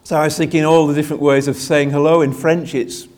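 Chatty older pastor with a higher voice. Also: male voice, level tone, quick pace, a little mellow. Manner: chatty, self-deprecating, asks the congregation questions. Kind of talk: informal Christmas sermon with congregation interplay. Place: church with live congregation.

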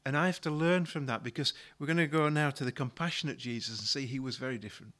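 Bright-voiced pastor preaching conversationally. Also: male voice, medium pitch, quick pace. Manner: conversational storytelling, repeats words when restarting. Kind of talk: sermon.

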